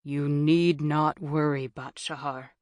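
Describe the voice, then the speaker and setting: Woman doing a grave ancient father, low, slow, steady, dry sound. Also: no echo.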